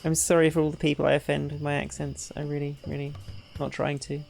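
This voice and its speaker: A woman streaming a game with a gravelly edge to her voice, talking in a chatty, self-deprecating way to her viewers. Game music plays faintly behind her. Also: deep voice, level tone, fast talker, a little mellow. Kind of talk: casual gameplay commentary.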